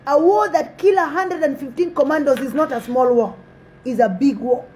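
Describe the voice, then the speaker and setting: High-pitched woman ranting and pleading to her people, repeats herself a lot. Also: moderate pace, darkish tone, slight background noise, rough recording. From South Sudan. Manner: repetitive, pleading and exhorting. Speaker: commentator addressing her community. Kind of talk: impassioned spoken address.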